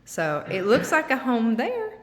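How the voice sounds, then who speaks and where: A woman's voice: on the high side, wildly swooping pitch. A woman, talking casually in a rambling vlog as a mother. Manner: chatty, rambling, with drawn-out fillers. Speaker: vlogger and mother.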